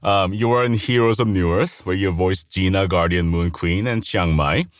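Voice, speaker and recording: A man's voice: low voice, moderate pace, no room sound, clean studio sound. A man hosting an interview, asking questions in a playful, upbeat way. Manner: very lively intonation, playful, laughs along. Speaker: interview host.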